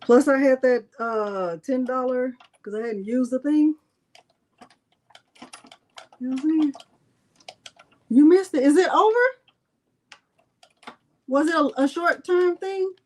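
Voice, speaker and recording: A high, slightly mellow voice comes slowly and with frequent pauses from a middle-aged woman running a crafting livestream. Chatty and self-teasing, she addresses viewers as y'all and mutters to herself while working.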